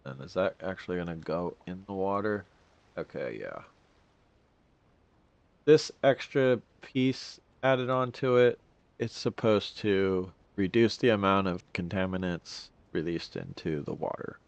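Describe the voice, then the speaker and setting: A man's voice: deep voice, a little slow, no echo. A young man giving casual gameplay commentary, rambling and complaining in exasperation as he plays.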